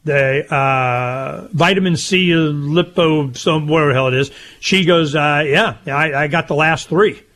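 Older guy, kinda high voice, rambling on a chat show, gets animated. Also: unhurried, few pauses. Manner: rambling, animated, laughs loudly. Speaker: co-host. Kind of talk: casual chat.

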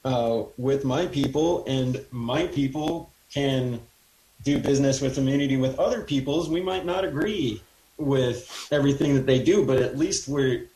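A male guest on a talk radio show speaks haltingly, stopping often and restarting his sentences. His voice is mid-pitched and picks up a noticeable roomy echo. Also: mellow. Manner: halting, hesitant, many restarts. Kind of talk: casual talk radio conversation.

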